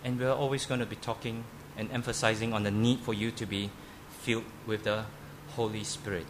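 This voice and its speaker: A man's voice: on the low side, level tone, brisk, noisy background. Emphatic pastor man preaching. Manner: emphatic, repeats words, stammering restarts. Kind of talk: sermon. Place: church.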